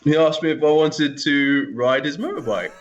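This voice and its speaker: A man, a band member casually telling a story, animated and laughing, acting out other people's lines. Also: fairly high pitch, normal speed, highs cut off. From Essex, England.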